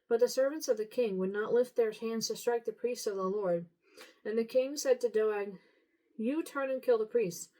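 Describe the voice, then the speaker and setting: A woman's voice: a little high, mellow, poor audio. A woman reading scripture aloud in a casual, unpolished way, tripping over hard names. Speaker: Bible reader.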